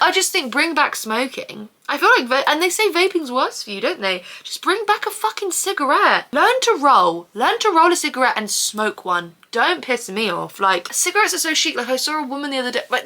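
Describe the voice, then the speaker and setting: A woman's voice: on the high side, expressive, moderate pace, pushed and bright. A woman, chatting in a casual vlog while doing her skincare, rambling, swearing and poking fun at herself. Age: 20s. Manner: rambling, sweary, self-mocking. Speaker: vlogger.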